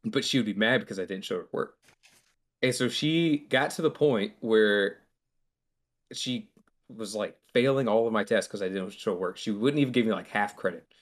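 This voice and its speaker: A young man hosting a podcast, telling a long, rambling story with casual swearing and acted-out quotes. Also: on the low side. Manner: rambling storytelling with profanity and laughter; acts out quoted voices. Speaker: podcast host. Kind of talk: casual chat.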